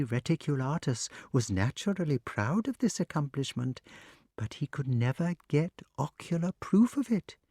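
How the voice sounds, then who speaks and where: A man voicing a patient old male grass snake with a sing-song, gently affectionate way of talking, in an audiobook. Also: a little high, breathy edge, dry recording, studio quality, full character voice. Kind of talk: audiobook character reading.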